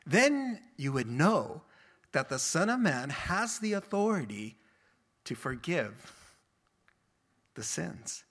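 A man preaching a sermon in a plain-spoken, conversational way, animated and acting out the quotes he tells. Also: on the high side, slow, long pauses, slightly rough. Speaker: pastor.

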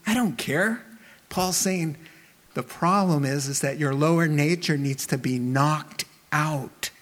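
A male pastor delivering a sermon with a voice pitched a little above most men's. He talks in an animated, emphatic way, leaning on rhetorical questions to drive each point home. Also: slow pace.

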